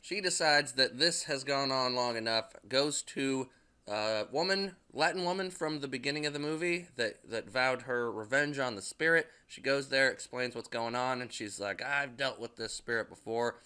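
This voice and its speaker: A young man gives a loose, rambling movie recap, full of fillers and curse words. He laughs at his own jokes as he goes. His voice is bright and crisp. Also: medium pitch, normal speed. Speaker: movie reviewer.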